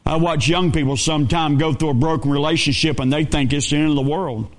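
A man's voice: fairly high pitch, fairly even intonation, quick pace. A man preaching a sermon, telling stories in a folksy way. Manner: storytelling preacher, folksy phrasing. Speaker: pastor.

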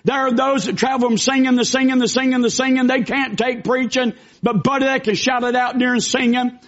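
A man preaching a fervent, folksy sermon as a pastor, with bursts of shouting. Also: extremely high pitch, little pitch movement, brisk. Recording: dull lo-fi recording.

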